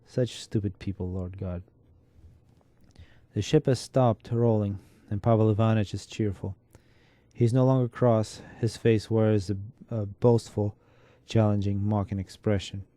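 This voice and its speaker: Mellow-voiced man reading a story. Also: lowish voice, level tone, normal speed, no echo. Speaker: narrator. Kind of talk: unhurried literary reading.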